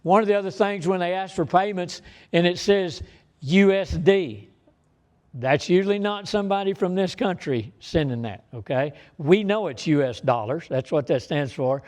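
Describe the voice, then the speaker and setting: A man's voice: high-pitched, moderate pace, darkish tone. A man giving an informal business presentation on fraud to an audience, speaking in a folksy, emphatic, repetitive way. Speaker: bank fraud manager presenting to business owners. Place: meeting room before an audience.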